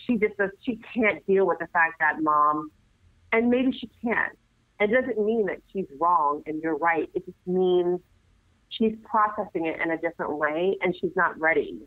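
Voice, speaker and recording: A woman working as a nurse and assisted living administrator, giving earnest caregiving advice as a guest and telling stories in a lively way. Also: sits low, normal speed, dry recording. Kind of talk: casual advice chat. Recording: tinny dry phone line.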